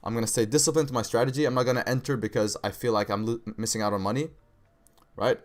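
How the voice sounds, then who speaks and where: Speaking fast in a steady, mid-range voice, a young trading streamer reads out viewer questions and chats loosely with his audience. His talk is slangy, peppered with frequent "bro" and "right".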